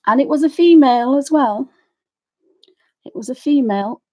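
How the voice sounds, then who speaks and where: A woman's voice: high-pitched, normal speed, a little mellow. A middle-aged woman chatting and rambling while demonstrating colouring, often apologising for her tangents. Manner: rambling, apologetic, ranting asides. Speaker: craft tutorial host.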